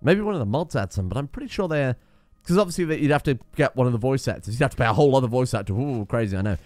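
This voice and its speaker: A man commentating on his video game play in a casual, sweary and joking way. His voice moves around a lot in pitch, sitting in a middle register. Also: lively intonation, racing, darkish tone. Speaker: let's play gamer.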